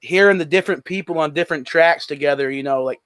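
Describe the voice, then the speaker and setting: A man's voice: fairly high pitch, fast, fairly bright tone, smooth, dry recording. A man from North Carolina, a guest musician, chatting easily in an interview over a call and often answering with short agreements. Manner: easygoing, short agreeing replies. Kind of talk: casual interview chat. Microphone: call audio.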